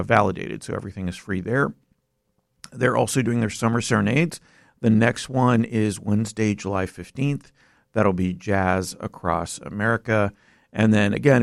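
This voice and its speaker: Man, radio DJ, young adult, casual rambling, gravelly, dry close studio mic. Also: on the low side, no room sound. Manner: rambling, self-deprecating, lots of fillers. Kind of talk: casual radio show talk.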